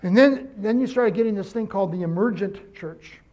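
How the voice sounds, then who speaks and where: A man preaching a sermon, quoting scripture and telling a story with lively emphasis and self-corrections. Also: high-pitched, brisk, dull audio. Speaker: pastor.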